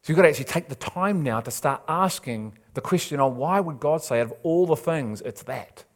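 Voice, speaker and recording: A man's voice: on the high side, lively intonation, brisk. A man preaching a sermon, urging and imploring his listeners with repeated phrases and casual asides. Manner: impassioned, urging, repetitive emphasis.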